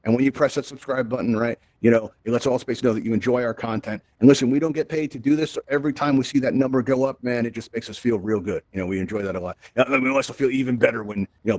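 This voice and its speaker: A man's voice: medium pitch, no echo. A man presenting to a live audience in a virtual reality space, talking energetically through a headset microphone and checking in with "right?" after nearly every point. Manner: energetic, peppered with "right?" and "all right?". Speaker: event presenter.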